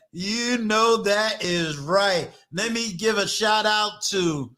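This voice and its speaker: An older man hosting a live-streamed talk show, emphatic, booming out introductions and shout-outs. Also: slow pace. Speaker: host.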